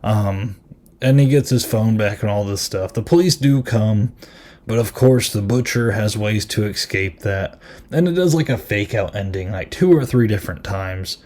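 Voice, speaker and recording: A man's voice: lowish voice, moderate pace, darkish tone. A man hosting a podcast and reviewing a film in casual chat, rambling and amused, with lots of ums and likes.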